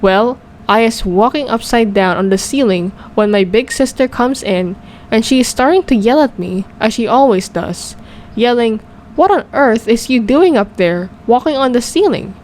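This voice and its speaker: A woman's voice: fairly high pitch, moderate pace, a little hiss or hum, lightly acted, poor audio. A woman reading as a boastful young boy. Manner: broken grammar, lively storytelling. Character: boastful young boy telling his dream.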